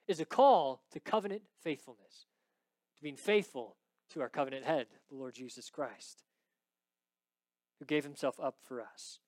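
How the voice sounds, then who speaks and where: Male pastor, high voice, dry close sound, dramatic sermon delivery with hushed drops and loud peaks. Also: lively intonation, unhurried, no room sound.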